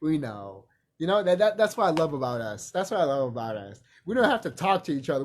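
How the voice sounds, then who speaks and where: A man's voice: on the high side, very animated, quick pace, slightly rough. A man talking in a casual, rambling vlog monologue, emphatic and profane, repeating himself and laughing often. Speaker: vlogger.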